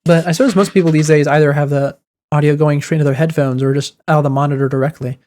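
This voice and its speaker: A man's voice: on the high side, fairly even intonation, quick pace, a little mellow. A man streaming a game from home, chatting and thinking aloud in a rambling, casual way with faint game music in the background. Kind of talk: casual gaming commentary.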